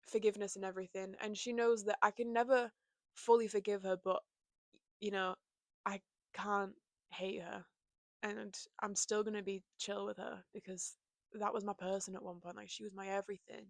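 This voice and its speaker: A woman's voice: medium pitch, little pitch movement, moderate pace, vocal fry, no echo. A young woman chatting casually and openly to camera from her bedroom, full of "like" and "you know". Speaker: vlogger. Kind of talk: casual confessional chat.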